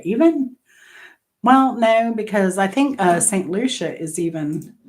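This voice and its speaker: A woman's voice: low-pitched, darkish tone, a little hiss or hum. A woman hosting a trivia channel, chatting casually and wandering through travel anecdotes, correcting herself as she goes. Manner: rambling travel anecdotes with self-corrections and laughs. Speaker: host of a music trivia channel. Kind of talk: casual chat.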